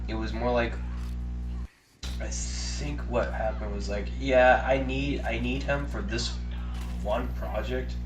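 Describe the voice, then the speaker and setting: Rambling low-voiced man, roomy distant mic. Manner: rambling storyteller, swears casually. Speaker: podcast co-host. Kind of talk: casual chat.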